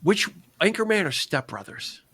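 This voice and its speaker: Podcast co-host, man, high lively voice, acts out scenes. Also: normal speed. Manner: animated, acts out movie quotes with laughter. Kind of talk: casual chat.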